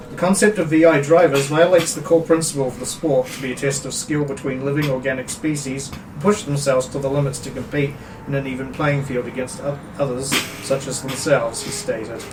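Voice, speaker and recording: A man serving as game master, narrating a tabletop game and reading in-world news in a steady announcer tone. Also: mid-range voice. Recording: distant roomy mic with loud background noise.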